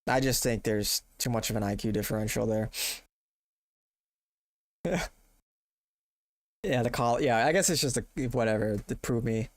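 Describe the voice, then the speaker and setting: A man's voice: mid-range voice, measured pace, long pauses, no room sound. A male streamer chatting casually with his audience, laid-back and slangy, laughing often. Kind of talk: casual live-stream chat.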